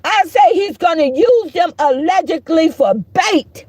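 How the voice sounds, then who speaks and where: A woman's voice: very high voice, expressive, unhurried, darkish tone. A middle-aged woman giving heated, profane, preachy live-stream commentary, mocking the people she talks about.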